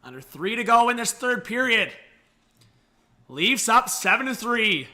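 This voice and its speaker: A young man hosting a live hockey reaction stream, chatty and excitable, thanking viewers and coaxing his dog. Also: extremely high pitch, a little slow. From Canada. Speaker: livestream host.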